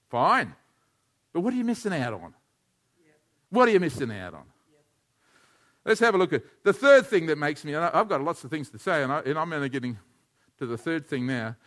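Man, pastor, sermon, high voice, call-and-response, animated. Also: a little fast, pauses often.

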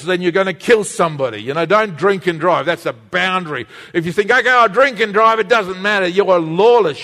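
A man preaching a sermon to his congregation, animated and engaging, calling on them to read along and repeat words. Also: a little high, long reverb tail. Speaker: pastor.

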